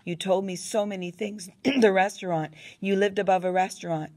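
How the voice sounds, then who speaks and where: A woman's voice: mid-range voice, fairly even intonation, normal speed, a little mellow, no echo, close to an everyday voice. A woman reading the part of a suspicious young Russian woman who asks accusing, demanding questions.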